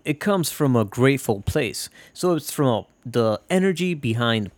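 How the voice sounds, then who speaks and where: Man, solo podcast host, casual, profane, jokey, lively intonation. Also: medium pitch, a little slow, no echo.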